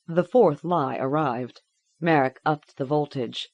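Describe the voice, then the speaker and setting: A woman reading a grim story aloud in a measured, deliberate way. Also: sits low, darkish tone, no echo, lo-fi sound. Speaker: audiobook narrator. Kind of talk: scripted audiobook narration.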